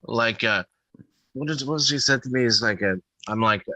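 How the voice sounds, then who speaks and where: Halting comedian with a bright, dry voice. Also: male voice, mid-range voice, no echo, rough recording. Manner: halting, full of restarts and fillers, profane. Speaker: guest, comedian. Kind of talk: casual chat.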